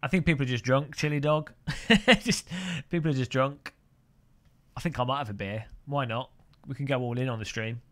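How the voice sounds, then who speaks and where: A man's voice: mid-range voice, moderate pace, fairly bright tone. A man streaming sim racing, chatting and joking with viewers and often laughing. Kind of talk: casual live-stream commentary while sim racing.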